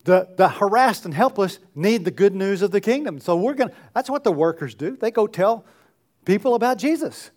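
A man with a rather high voice preaches to his congregation. He is earnest and pleading, and he often lets his voice sink to soft, quiet phrases. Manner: earnest, pleading, drops to soft near-murmurs. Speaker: pastor. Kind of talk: sermon.

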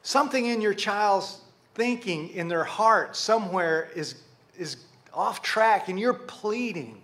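A man preaching a sermon to a congregation, animated, asking rhetorical questions and speaking to them directly. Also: high-pitched, takes it slowly. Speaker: pastor.

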